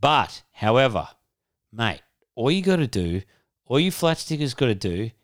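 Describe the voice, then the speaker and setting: A man's voice: medium pitch, very animated, moderate pace. A young adult man, co-hosting a podcast, rambling along in laid-back chat with plenty of swearing. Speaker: podcast co-host. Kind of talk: casual chat.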